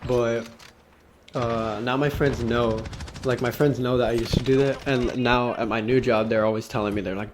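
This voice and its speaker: A man's voice: medium pitch, moderate pace, slight background noise. Laughing, foul-mouthed young man telling a story. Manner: laughing, swearing, animated storytelling. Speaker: vlogger. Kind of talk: casual storytime vlog.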